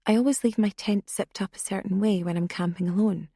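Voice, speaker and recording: A woman voicing a blunt, wry young woman who talks briskly and matter-of-factly. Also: medium pitch, fairly even intonation, warm tone, slightly rough, dry recording, clean studio sound.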